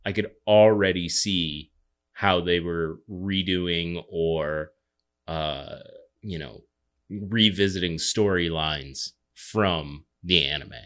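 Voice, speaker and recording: A man co-hosting a casual podcast chat, joking and crude, with quick asides. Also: deep voice, a bit bright. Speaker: podcast co-host.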